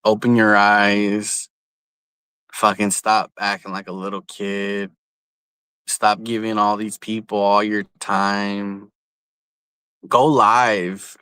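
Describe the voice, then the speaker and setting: A man's voice: fairly low pitch, little pitch movement, slow, long pauses, sharp tone, clean tone, dry recording. A young man from San Jose, California, ranting bluntly and profanely on a casual livestream, often repeating himself, speaking outdoors. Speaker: livestream host.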